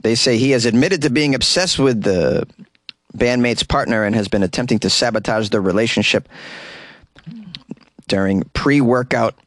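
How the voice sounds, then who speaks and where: A man's voice: medium pitch, normal speed, long pauses, no echo. Sarcastic man with a Boston accent. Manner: sarcastic, mocking, slips into silly voices. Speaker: comedian podcast host. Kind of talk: comedic news monologue. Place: small closet.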